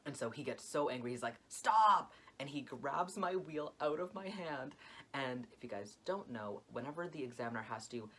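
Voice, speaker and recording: A young man vlogging a dramatic storytime, expressive and full of "like" fillers. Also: mid-range voice, fairly quick. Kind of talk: storytime vlog.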